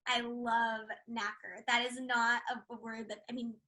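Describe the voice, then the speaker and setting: A young American woman chatting in an interview, her voice bright and forward, a little higher than most women's. She tells stories in a bubbly, rambling rush, stringing thoughts together with casual fillers. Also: level tone, rough recording. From United States. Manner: bubbly, fast-rambling storyteller with frequent laughs and filler likes. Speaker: actress, interview guest.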